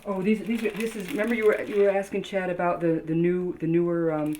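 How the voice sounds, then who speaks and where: A woman toy collector casually showing her collection, halting with many ums and restarts as she reads labels aloud. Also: lowish voice, flat delivery, darkish tone. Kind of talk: casual show-and-tell narration. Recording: noisy home video.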